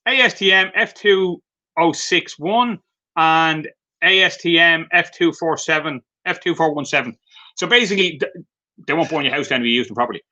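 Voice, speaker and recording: In a live video stream, an Irish craft vendor shows off his handmade pieces and spins light-hearted stories, his chatty talk full of fillers. His voice sits fairly high, pushed and bright, and the recording is rough.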